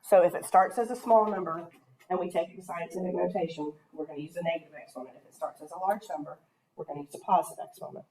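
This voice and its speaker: A woman's voice: lowish voice, steady tone, fast, a little mellow. A woman teaching a math lesson to a class. She talks patiently, often stops to ask the class questions, and her throat keeps catching with coughs.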